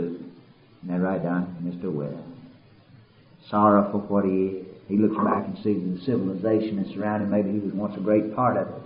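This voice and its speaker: A man preaching a sermon, swinging between loud impassioned passages and quiet somber ones. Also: sits low. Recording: roomy, dull lo-fi recording.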